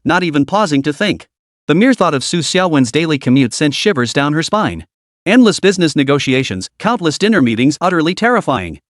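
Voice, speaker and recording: A man's voice: fairly high pitch, fairly bright tone, no room sound, clean studio sound. A man narrating a comic recap story in a dramatic, scripted storytelling way.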